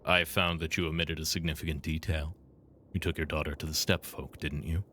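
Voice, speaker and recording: A man's voice: a bass voice, level tone, a little fast, pushed and bright, a little hiss or hum. Man reading as a cold, blunt doctor. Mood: accusing. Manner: curt, accusing. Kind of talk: reading game dialogue aloud.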